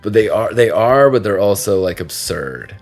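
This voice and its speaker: A man's voice: on the low side, animated, normal speed, soft background music. A man hosting a podcast, chatting casually in a meandering, profane way. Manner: profane, meandering, frequent restarts. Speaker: podcast host. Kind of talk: casual chat.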